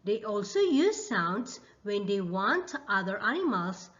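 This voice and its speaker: A woman teaching young children in a slow, exaggerated, lively teacher voice. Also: mid-range voice. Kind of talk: children's lesson. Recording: slightly dull lo-fi.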